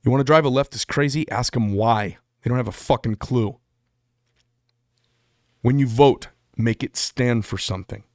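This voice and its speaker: A man's voice: medium pitch, normal speed, a little mellow, dry recording, studio quality. A man hosting his own channel, delivering a blunt, heated and profane political rant. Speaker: channel host.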